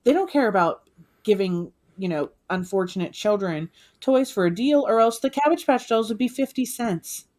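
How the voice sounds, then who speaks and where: A woman's voice: medium pitch, animated, normal speed, a little mellow. Chatty woman venting on a live stream. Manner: talkative, venting with filler words. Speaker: co-host of a live reselling stream. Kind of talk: casual live-stream chat.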